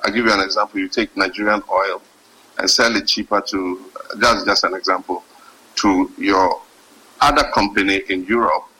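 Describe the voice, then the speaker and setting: Husky man giving an emphatic speech. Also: deep voice, steady tone, sharp tone, low-quality recording. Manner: measured, emphatic, slows down to stress points. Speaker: head of state giving a speech. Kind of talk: formal speech.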